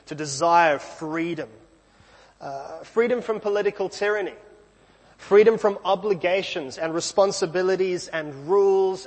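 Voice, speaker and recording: Male preacher, high-pitched, casual conversational sermon, echoey hall. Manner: conversational, self-deprecating asides. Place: church.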